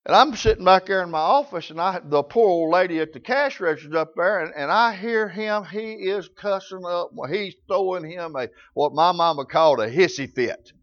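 A man's voice: high voice, normal speed, few pauses, dull audio. A man preaching a sermon, telling folksy stories in rural grammar.

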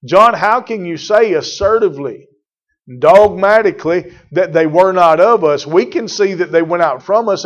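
A man preaching a sermon, emphatic and repetitive, calling on congregation members by name. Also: high voice. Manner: emphatic, repeats phrases, addresses congregation by name. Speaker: pastor. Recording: muffled lo-fi church recording.

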